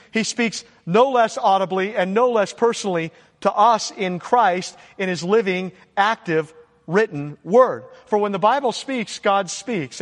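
A man's voice: high-pitched, long reverb tail. A man preaching a sermon as pastor, fervent and repeating his key points for emphasis.

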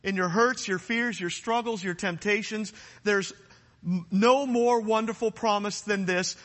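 A man's voice: high-pitched, fairly even intonation, moderate pace, fairly bright tone, in a large hall. A man preaching a sermon, earnest and emphatic, repeating phrases for effect.

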